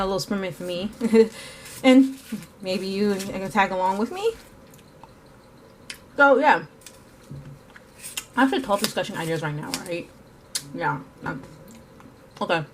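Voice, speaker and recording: A woman's voice: medium pitch, slight background noise. Chatty, rambling woman art vlogger. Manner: chatty, scattered, many fillers and self-corrections; talks while eating at times. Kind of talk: casual rambling art vlog narration.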